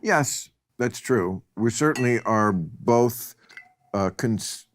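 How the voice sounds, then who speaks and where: Wry, laughing man, lively pitch. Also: slow pace, slight background noise. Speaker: host. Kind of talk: casual chat over drinks. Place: studio set. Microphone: lapel mic.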